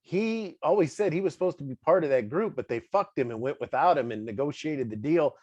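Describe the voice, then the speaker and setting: A man's voice: fairly high pitch, lively intonation, brisk, darkish tone, no echo. A man hosting a casual wrestling interview, chatty and laughing often as he asks questions. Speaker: interview host. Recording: dry, dull lo-fi audio.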